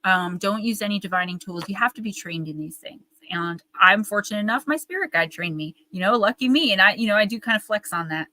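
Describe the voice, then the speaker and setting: Bright-voiced woman telling animated stories. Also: mid-range voice, dry recording, poor audio. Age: 40s. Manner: animated, fast storytelling with many fillers. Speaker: guest medium and author. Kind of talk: casual storytelling interview.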